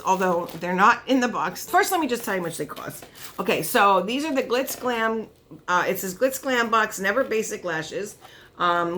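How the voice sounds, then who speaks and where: A woman beauty vlogger chatting casually at her makeup table while unboxing products, telling stories with animated asides to her viewers. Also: medium pitch, slight background noise.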